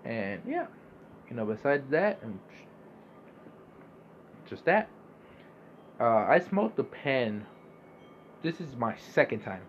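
A man's voice: mid-range voice, sing-song, slow pace, long pauses, muffled recording, a little hiss or hum. A young man hosting a casual monologue podcast, laid-back and rambling, swearing freely. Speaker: podcast host.

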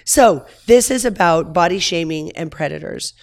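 A woman's voice: on the low side, lively intonation, moderate pace, vocal fry, no echo, studio quality. A woman co-hosting a podcast in casual, rambling chat, cursing freely and prone to giggling. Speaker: podcast co-host.

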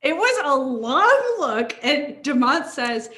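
A woman's voice: sits high, expressive, slow pace, few pauses, fairly bright tone. A woman co-hosting a casual podcast, chatting about a TV show with lots of fillers and laughter. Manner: giggly, filler-heavy talk. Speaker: podcast co-host. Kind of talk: casual chat.

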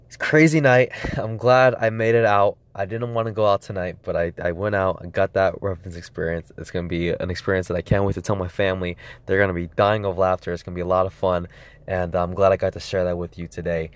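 A man's voice: fast, clear, resonant tone, no room sound. A young man casually retelling a wild night out, swearing a lot and rambling. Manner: excited, voice climbing high as the story peaks. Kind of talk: casual storytelling to camera.

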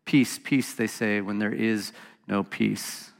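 A man's voice: fairly low pitch, steady tone, takes it slowly, creaky, long reverb tail. A man hosting a reflective Bible study talk, reading scripture passages aloud in an earnest voice with casual asides. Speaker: podcast host teaching on scripture.

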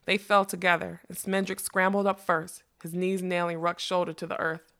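A woman narrating a fantasy novel as an audiobook, measured and expressive. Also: lowish voice.

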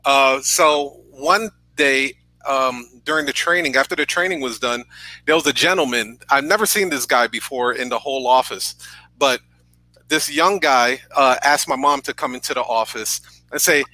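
A man's voice: medium pitch, moderate pace, bright, forceful tone, no echo, poor audio. A man in his thirties from New York, a podcast guest earnestly telling a personal story over a video call, often checking in with "right?". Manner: earnest, tag questions with "right?".

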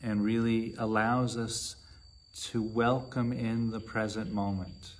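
A man teaching meditation in a measured, unhurried dharma talk with long pauses between phrases. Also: fairly low pitch, level tone, slight background noise.

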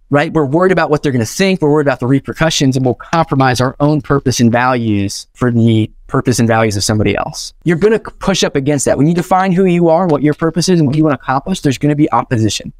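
Young male keynote speaker, quick and animated, dry sound. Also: on the high side, no room sound. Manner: energetic, animated, acts out quoted dialogue. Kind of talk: motivational keynote storytelling.

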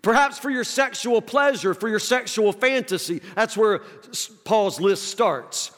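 A male pastor with a notably high voice preaches in a conversational way, stumbling over the first sounds of words and checking in with his listeners. His voice rings out with a long reverb trail, as in a large church sanctuary. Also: expressive, unhurried, fairly bright tone. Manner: conversational preaching with frequent restarts and direct questions to the congregation. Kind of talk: sermon.

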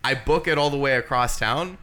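A man's voice: medium pitch, fairly quick. A young man telling a crude personal story in casual chat, acting out what people said. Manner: animated, crude, acts out quoted voices. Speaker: podcast host telling a story.

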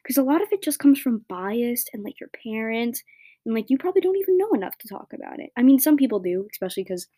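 Blunt rambling teenage girl, mellow voice. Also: fairly high pitch, lively intonation, fast talker, no echo, studio quality. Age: teens. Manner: blunt, rambling, heavy filler words. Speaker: podcast host. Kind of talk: solo opinion rant.

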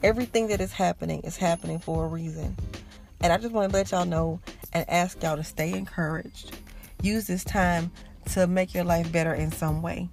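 A woman's voice: lowish voice, steady tone, moderate pace, vocal fry, darkish tone, soft background music. A woman hosting a podcast, giving an encouraging faith talk in a preachy, repetitive way that speaks straight to listeners. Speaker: podcast host.

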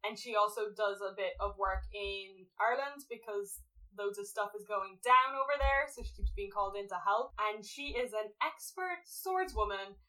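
A woman in casual chat, retelling a story in a rambling, animated way and acting out quotes. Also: mid-range voice, normal speed, few pauses, distant mic, rough recording. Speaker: podcast co-host summarizing a book series.

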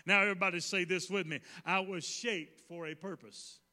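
A man preaching a sermon to a congregation, repeating his lines and leading call-and-response, now and then rising to a shout. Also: sits high, fairly even intonation, moderate pace. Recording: long reverb of a hall.

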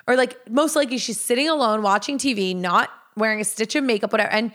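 A woman co-hosting a podcast, telling a story in casual chat, acting out quoted dialogue with big jumps in pitch, saying "like" a lot and swearing freely. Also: fast talker, few pauses, a bit bright. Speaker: podcast co-host.

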